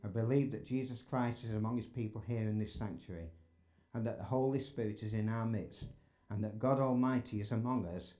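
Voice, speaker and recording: A man with a low, mellow voice delivers a sermon from the pulpit of a church sanctuary. He speaks earnestly and builds to emphatic peaks when he stresses a point. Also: fairly quick. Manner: earnest, rising to emphatic exclamations. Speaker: preacher.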